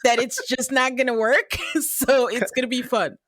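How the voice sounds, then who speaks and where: A woman's voice: fairly high pitch, fairly even intonation, normal speed, a bit bright, no echo, clean studio sound. A woman hosting a podcast in casual chat, wry and laughing often. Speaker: podcast host.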